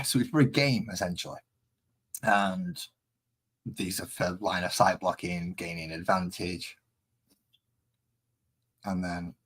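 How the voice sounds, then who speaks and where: A man's voice: low-pitched, breathy edge. A man casually chatting on a live stream while painting models, rambling and easily distracted.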